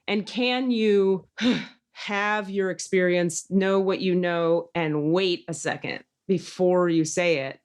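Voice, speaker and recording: A woman's voice: fairly low pitch, fairly even intonation, slow pace, clean tone. A woman hosting a podcast in casual chat, talking intensely and emphatically and acting out quoted voices as she tells stories. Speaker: podcast host.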